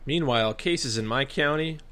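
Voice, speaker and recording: A young man co-hosting a podcast, trading deadpan, sarcastic quips in casual chat. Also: on the high side, normal speed. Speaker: podcast co-host.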